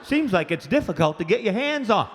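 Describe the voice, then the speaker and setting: A man's voice: high voice, very animated, fairly quick, slight background noise. A man from Maine with a Maine accent doing a crude stand-up routine, telling stories and acting out people's voices. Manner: loud, crude storytelling with acted-out voices. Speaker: stand-up comedian. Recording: live club recording with long reverb and faint ambience.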